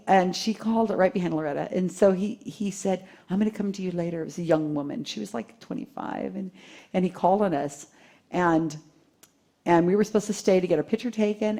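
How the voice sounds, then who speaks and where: Animated woman telling a story to an audience. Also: sits low. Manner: animated, laughing storytelling with acted-out quotes. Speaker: conference speaker. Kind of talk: live talk to an audience. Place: talk in front of a seated audience.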